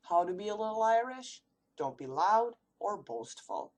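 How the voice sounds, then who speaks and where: A woman's voice: mid-range voice, sing-song, unhurried. A woman from the United States giving a read-aloud class presentation, asking rhetorical questions as she goes. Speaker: student presenter.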